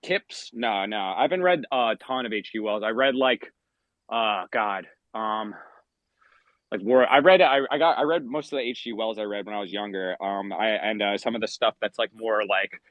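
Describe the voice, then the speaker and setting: A man's voice: fairly low pitch, moderate pace. A man talks in casual, profane bursts, pacing outdoors on a spotty call. The sound is dull and lo-fi, with little room echo. He rants with rising heat. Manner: profane, rants loudly and gets worked up. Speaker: podcast host. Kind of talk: casual chat over a call. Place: outside, pacing. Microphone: phone call at the edge of wifi range.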